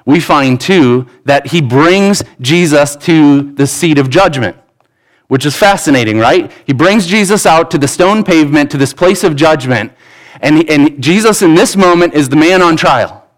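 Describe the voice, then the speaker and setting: A man preaching a sermon, acting out scripture quotes with animated shifts and frequent restarts. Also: a little high, measured pace. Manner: speech with frequent restarts and repeated words. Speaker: pastor.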